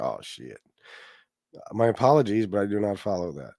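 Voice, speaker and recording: A man's voice: on the low side, very animated, normal speed, vocal fry, mellow, no room sound, studio quality. A man hosting a casual livestream with a stuffed-up nose, rambling, swearing and reading viewers' chat comments aloud. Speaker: livestream host.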